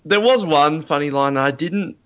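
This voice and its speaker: A man's voice: a little high, moderate pace, fairly bright tone. A man in a casual film review chat, rambling and hesitant with many ums. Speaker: podcast co-host.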